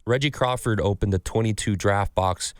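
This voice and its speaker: A man's voice: on the low side, normal speed, clean tone, no echo, clean studio sound. A man hosting a podcast, chatting casually about sports cards and telling stories with acted-out quotes and plenty of swearing. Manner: animated storyteller, swears freely, acts out quotes. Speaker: podcast host. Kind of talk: casual sports card chat.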